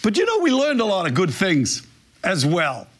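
A man preaching a sermon, telling a story in a lively, animated way. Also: high-pitched, moderate pace. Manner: animated storyteller, imitates barking dog. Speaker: pastor.

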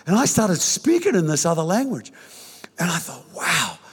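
High-voiced older preacher in a hall. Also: male voice, moderate pace, slightly rough. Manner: animated, joking storyteller, frequent restarts. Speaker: pastor. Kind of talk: sermon with personal testimony. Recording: reverberant hall.

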